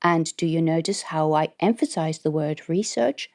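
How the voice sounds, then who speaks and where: A woman voicing a stern, secretive female military colonel in an audiobook, speaking in a measured, grave way. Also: sits low, darkish tone.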